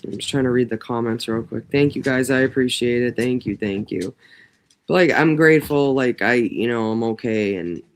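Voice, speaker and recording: A woman hosting a casual livestream from home, ranting in an animated, profane way. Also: rumbling low, normal speed. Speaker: livestream host.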